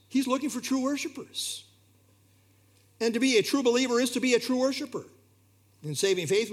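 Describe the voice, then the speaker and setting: A man's voice: sits high, breathy edge. A man preaching a sermon in an earnest, emphatic way, his delivery rising and falling. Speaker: pastor.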